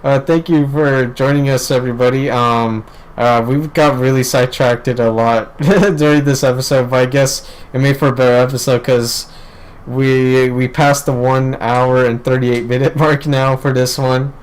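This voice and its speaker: A man's voice: mid-range voice, steady tone, moderate pace, rough recording. A young man hosting a casual gaming podcast, rambling with lots of fillers and casual swearing. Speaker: podcast host. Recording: faint background noise.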